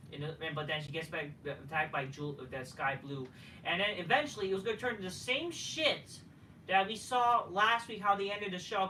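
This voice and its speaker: A wrestling show reviewer rants solo in a high, sharp voice, sounding profane, dismissive and sarcastic. The mic is slightly distant, with a faint hiss.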